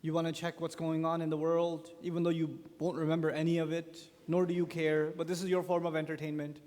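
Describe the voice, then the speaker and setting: Man, conference speaker, religious youth lecture, animated storyteller, high voice, big reverberant hall. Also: brisk. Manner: animated storytelling with acted-out quotes. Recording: long echo of a large conference hall.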